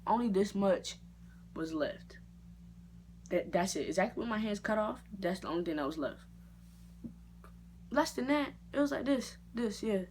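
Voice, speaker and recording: An animated woman vlogger telling a personal story in an expressive, slangy way. Her voice sits at an ordinary middle pitch, and a faint hum runs underneath. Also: normal speed, long pauses. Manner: casual slangy talk. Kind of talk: story time vlog.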